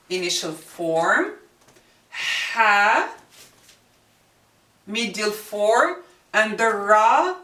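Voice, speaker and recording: Slow, echoey woman teaching letter sounds. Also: mid-range voice, bright, forceful tone. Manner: demonstrates sounds slowly with repetition. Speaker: Arabic teacher. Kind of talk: slow language lesson. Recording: echoey room, mic at a distance.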